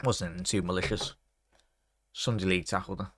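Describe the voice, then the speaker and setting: A man's voice: deep voice, fairly even intonation, moderate pace, fairly bright tone, slightly rough, no room sound, clean studio sound. A young man in his twenties from England, hosting a live football watchalong stream, chatting with viewers, reading out their messages and commenting on the match. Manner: chatty, reads out viewer messages, calls everyone mate.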